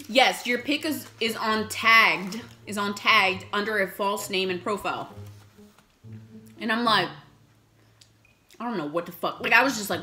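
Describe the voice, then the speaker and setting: A young woman vlogger eats while telling a storytime, animated and swearing often. Speaking at medium pitch, she acts out the messages she received.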